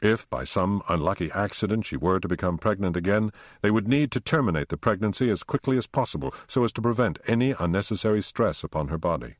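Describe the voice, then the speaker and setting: A male audiobook narrator with a very deep, low voice, telling the story steadily and without hurry. The sound is close and bone-dry, with no room around it. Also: animated, fast talker, few pauses, dry recording.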